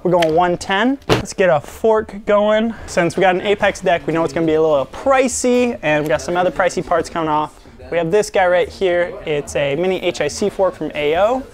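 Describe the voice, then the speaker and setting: A man's voice: high voice, normal speed. A young man hosting a casual product build vlog, upbeat and jokey, talking straight to his viewers. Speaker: host of a scooter shop channel.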